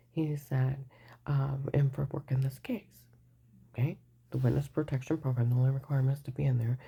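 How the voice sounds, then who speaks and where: A woman's voice: extremely low pitch, vocal fry, warm tone, breathy edge. An older woman giving a rambling, agitated personal account, mostly in a whisper. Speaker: vlogger telling her story.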